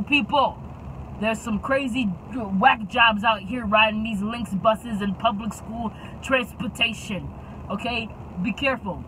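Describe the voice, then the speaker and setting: A young woman tells a story in a lively, dramatic way and often checks in with "okay?" Her voice is bright and forceful, with faint traffic from outside the car she records in. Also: on the high side, poor audio. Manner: animated, dramatic, keeps adding "okay?". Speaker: YouTube storyteller. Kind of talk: casual storytime.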